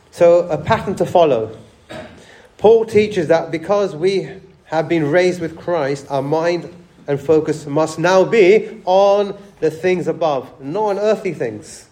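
A man's voice: a little high, takes it slowly, dark tone, reverberant. A man preaching a sermon, conversational, often asking the church rhetorical questions and repeating words as he restarts. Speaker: pastor.

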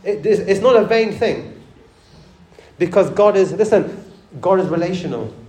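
A man's voice: high voice, animated, moderate pace, darkish tone, roomy sound. A man preaching a sermon, conversational, often asking the church rhetorical questions and repeating words as he restarts. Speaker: pastor.

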